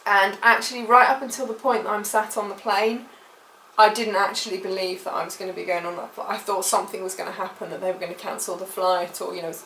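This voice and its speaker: A woman's voice: medium pitch, steady tone, quick pace, a bit bright, slight background noise. British woman retelling a story, echoey. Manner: emotional, rambling retelling with many fillers. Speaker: vlogger. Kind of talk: personal storytime vlog. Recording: echoey room, mic at a distance.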